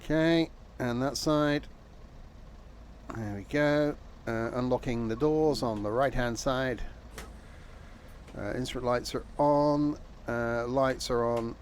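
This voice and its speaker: A man's voice: mid-range voice, slow pace, long pauses, slight background noise. A man streaming a train simulator, chatting casually with rambling, self-deprecating jokes. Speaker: game streamer. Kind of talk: casual gameplay commentary.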